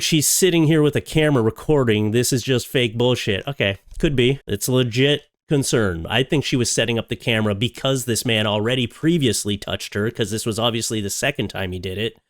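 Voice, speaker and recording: A man's voice: fairly low pitch, no echo. Joking man with dry close sound. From Canada. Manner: sarcastic, jokey, laughs at his own jokes. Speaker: YouTube commentary host. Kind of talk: casual reaction commentary.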